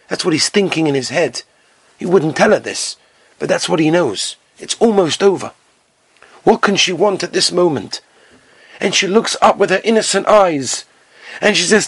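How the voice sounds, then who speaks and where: A man's voice: high-pitched, lively intonation, normal speed, long pauses, fairly bright tone, slightly rough, no room sound. A man giving a rabbi's lecture in an earnest, emphatic storytelling style, sprinkled with Hebrew and Yiddish terms.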